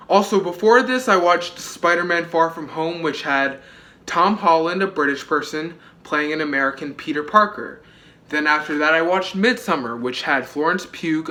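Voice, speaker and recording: Young man reviewing a film, chatty and full of fillers, bright forceful voice, fairly high pitch. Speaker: movie reviewer. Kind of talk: casual vlog review.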